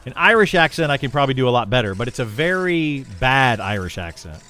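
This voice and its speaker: A young man with a mid-range voice streams a game and chats casually with viewers, sounding very animated, brisk, and sharp. He rambles along with plenty of fillers and restarts.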